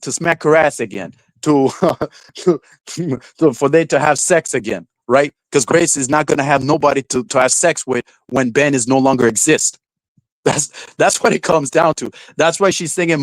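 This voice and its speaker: A young man rants on his live stream, swearing and breaking into a high mocking falsetto to jeer. His voice sits a little high for a man, and it is recorded close and dry with no room sound. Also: no room sound, low-quality recording. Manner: ranting, profane, mocking, falsetto mimicry of quotes. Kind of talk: casual live-stream rant.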